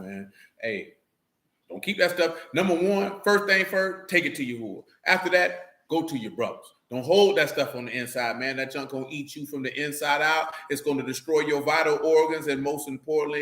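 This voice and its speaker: A man's voice: medium pitch, a bit bright. A man leading a casual religious talk to a group, slangy and joking, with frequent asides. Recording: echoey room.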